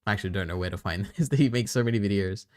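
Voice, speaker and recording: A man's voice: fairly low pitch, rapid-fire, a little mellow. A man hosting a live stream, rambling and reacting casually as he chats.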